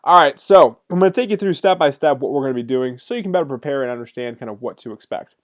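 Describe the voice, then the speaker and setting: A male college instructor delivers a recorded course lecture at a brisk clip. He keeps it upbeat and jokey, talking straight to his students. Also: medium pitch.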